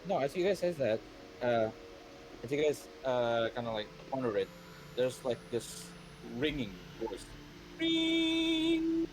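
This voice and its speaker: A man's voice: mid-range voice, measured pace, darkish tone, slight background noise, poor audio. A young man narrating as game master for a tabletop game, talking in a loose, rambling way and often restarting his phrases.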